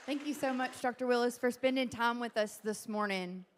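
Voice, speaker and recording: A woman's voice: fairly high pitch, moderate pace, a faint crowd, a little hiss or hum. A woman from campus dining giving a friendly informational talk at a student orientation in an auditorium. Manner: friendly, informative, slight stumbles. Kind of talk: informational presentation. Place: large auditorium.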